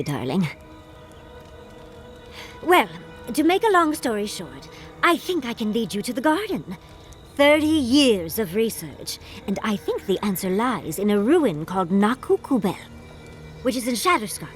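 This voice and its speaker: A flamboyant game scholar. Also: female voice, medium pitch, sing-song, a little slow, soft background music. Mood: theatrical. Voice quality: theatrical, calls people darling. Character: flamboyant woman scholar, theatrical and eager. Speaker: scholar character. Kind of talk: video game voice acting.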